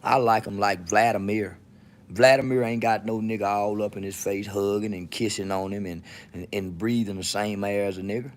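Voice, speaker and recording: A man's voice: lowish voice, steady tone, moderate pace. A man from Texas with a Southern accent, hosting his podcast alone in a profane, swaggering, mocking rant. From Texas, USA. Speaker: podcast host. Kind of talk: solo monologue to camera.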